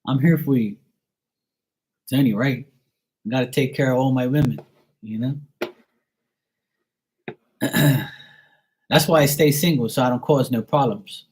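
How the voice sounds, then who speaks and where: A man's voice: mid-range voice, darkish tone, husky. A middle-aged man reading tarot on a live stream, chatting casually and bantering playfully with viewers in the chat.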